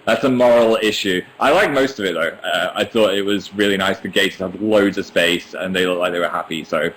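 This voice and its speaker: A man's voice: on the low side, fairly bright tone, a little hiss or hum, low-quality recording. A young British man hosting a casual livestream from home on a laptop microphone, reading viewer comments aloud and chatting in a self-mocking way. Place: indoors at home. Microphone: laptop webcam microphone.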